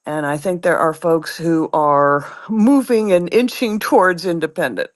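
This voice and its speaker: Woman, chat room participant, measured, hesitant, many fillers, lowish voice. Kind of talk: casual discussion.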